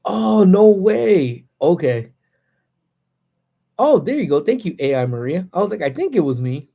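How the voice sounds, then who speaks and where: A man's voice: high-pitched, big pitch swings, measured pace, gravelly, dark tone. A man hosting a casual lunch-break livestream, telling a story and greeting viewers by name. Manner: chatty, reads out viewer names. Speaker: livestream host. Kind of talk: casual live chat.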